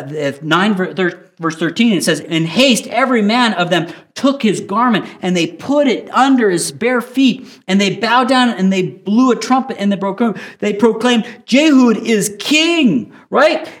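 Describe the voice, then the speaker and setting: A man preaching a sermon, his voice pitched a little higher than most men's. He reads scripture slowly and with deliberate emphasis, the way a pastor talks to an online congregation. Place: recorded for online viewers.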